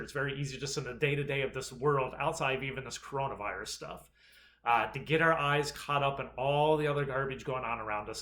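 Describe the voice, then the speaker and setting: A man's voice: medium pitch, sharp tone, a little hiss or hum. A man, a pastor, preaching a conversational sermon and retelling a scripture story with quoted lines.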